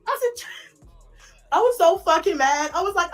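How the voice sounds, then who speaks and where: A woman tells family stories in a casual vlog. Her voice sits high and swoops all over, full of laughs and swearing. Faint music plays underneath. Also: measured pace. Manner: animated, swearing, laughing while telling stories. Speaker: mother vlogger.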